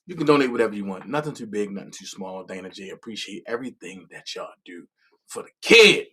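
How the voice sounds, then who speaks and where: Male streamer, lively pitch swings, bright tense tone, loose stammering commentary. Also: quick pace, slightly rough. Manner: animated, stammering, repeats words. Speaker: livestream host. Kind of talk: casual live commentary.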